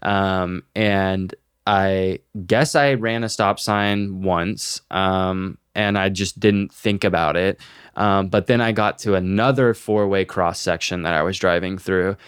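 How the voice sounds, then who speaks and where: A man's voice: sits low, slow, smooth, no room sound, clean studio sound. A young man co-hosting a podcast, telling stories casually with lots of swearing. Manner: swears a lot, animated storytelling. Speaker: podcast co-host. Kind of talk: casual chat.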